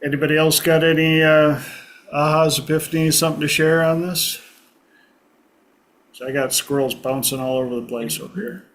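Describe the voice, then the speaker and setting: A man hosting a casual group discussion, talking in a reflective way and pausing often to find his words. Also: on the high side, fairly even intonation, fairly bright tone. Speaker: host.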